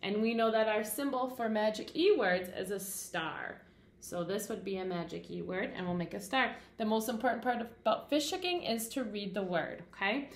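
A woman's voice: mid-range voice, expressive, moderate pace. A woman teaching a phonics lesson to kindergarten children in a sing-song teacher voice, asking questions and answering them herself. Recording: roomy echo.

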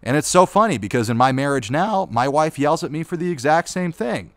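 A man's voice: on the high side, a little fast, no echo. A young man, a YouTube host, answering viewer questions in a chatty, storytelling manner. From Utah. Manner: chatty storytelling with laughs, animated when retelling. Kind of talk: casual Q&A monologue.

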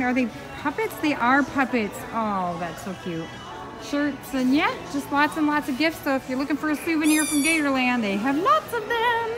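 A woman filming a casual travel vlog outdoors at a theme park, chatty and bubbly, cooing at the animals she passes. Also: high voice. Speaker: travel vlogger. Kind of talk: casual vlog walk-through.

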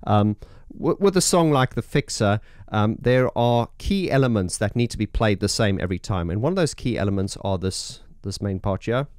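A man's voice: fairly low pitch, expressive, normal speed, hardly any pauses, darkish tone, dry recording. A man with an early morning voice, a keyboard player walking through his setup in a casual, enthusiastic, rambling way. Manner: enthusiastic, rambling, many fillers. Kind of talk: casual demo talk.

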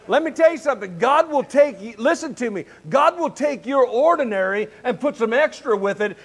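A man's voice: very high-pitched, poor audio. A man in his sixties, a pastor praying fervently and then preaching in a folksy, candid way in a church. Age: 60s. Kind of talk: prayer and casual sermon. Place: church sanctuary.

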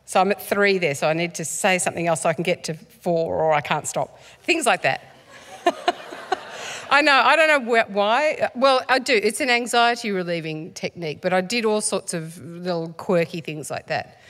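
A woman's voice: fairly low pitch, normal speed, fairly bright tone. A woman, an author guest, talking in a live stage interview, chatty and self-deprecating with frequent laughs and ums. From Australia, born in England.

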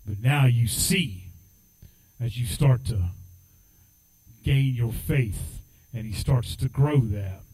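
Mellow-voiced preacher man, storytelling. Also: medium pitch, slow, pauses often, husky, rough recording. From United States. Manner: conversational storytelling preacher, rising into fervent exhortation. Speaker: assistant pastor. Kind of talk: sermon.

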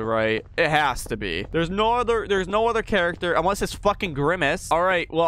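A man's voice: fairly high pitch, bright, forceful tone, slight background noise. A young man commenting on a horror game as he plays, swearing often and jumping at noises. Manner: profane, jumpy, talks to himself while playing. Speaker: gaming YouTuber.

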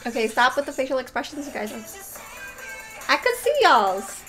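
A young woman reacting to a video in casual, animated commentary, often exclaiming and laughing. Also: high voice, moderate pace. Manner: animated, exclaiming and laughing at what she watches. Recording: music playing behind her voice. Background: faint music.

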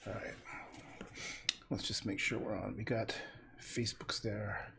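A man's voice: lowish voice, flat delivery, normal speed, gravelly, very noisy. A man chatting casually on a livestream while he paints, often muttering and half-whispering asides to himself, from his home studio.

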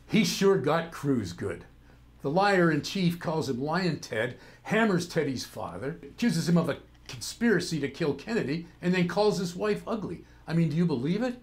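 An actor in a stage play, with a natural voice on the high side, plays a weary, cynical older senator and father. He grumbles with sardonic exasperation.

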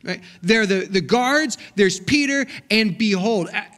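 A man's voice: high voice, unhurried. A middle-aged man preaching as a guest pastor, telling comic stories with acted-out quotes in a church sanctuary. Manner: animated, comic storytelling with voiced quotes. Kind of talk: sermon with storytelling.

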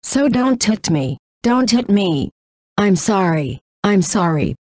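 A woman voicing a frightened, submissive young girl who pleads and apologizes, a little lower than her narration. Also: big pitch swings, slow, a little mellow, no echo. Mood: pleading.

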